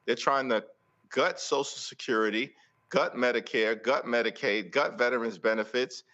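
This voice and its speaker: A man giving forceful political commentary on a talk show, stacking repeated phrases for emphasis. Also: medium pitch, moderate pace, muffled recording. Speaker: congressional leader interviewed as guest.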